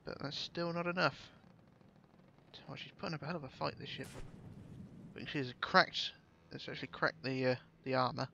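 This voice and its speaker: Gravelly man commentating gameplay. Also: mid-range voice, fairly quick, bright, forceful tone, lo-fi sound, slight background noise. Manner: chatty, swears casually, thinks aloud.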